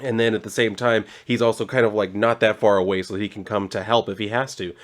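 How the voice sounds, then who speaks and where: A man with a lowish voice talks through a comic book plot in a loose, rambling way. He leans on filler words and drops casual swears as he goes. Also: fairly even intonation, fast.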